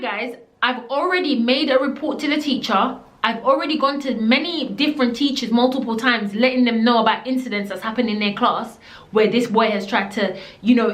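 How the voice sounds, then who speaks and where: A woman with a Jamaican accent tells a casual storytime with animated energy, slipping into patois as she goes. Her voice sits on the higher side. The room around her adds a noticeable echo. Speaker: vlogger. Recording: echoey room.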